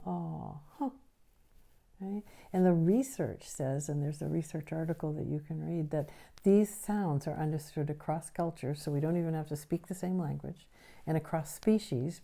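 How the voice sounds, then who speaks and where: Woman educator, deep mellow voice, patient explainer who keeps checking in with listeners. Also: normal speed, creaky. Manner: explanatory, often checks in with a tag question. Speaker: nervous system educator. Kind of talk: teaching a recorded lesson.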